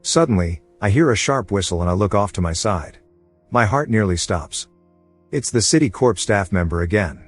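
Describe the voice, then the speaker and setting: A male audiobook narrator with a low, husky voice, telling the story in the first person. He keeps a steady, low-key delivery, with soft music underneath. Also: moderate pace.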